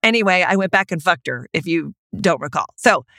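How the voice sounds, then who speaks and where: A woman co-hosting a podcast in casual chat, bubbly and quick to laugh. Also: expressive, a bit bright, dry recording, clean studio sound. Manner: bubbly, giggly, high-pitched exclamations. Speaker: podcast co-host.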